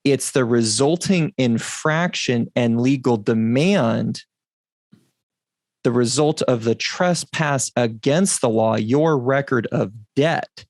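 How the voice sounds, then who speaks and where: A man hosting a Bible teaching podcast, explaining scripture in a deliberate, emphatic way. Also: medium pitch, a little mellow, no echo. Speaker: podcast host.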